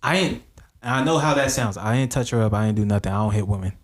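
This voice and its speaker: Animated storytelling man, podcast chat. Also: on the low side, fast talker. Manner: animated storyteller who acts out quoted lines. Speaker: podcast co-host. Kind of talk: casual chat.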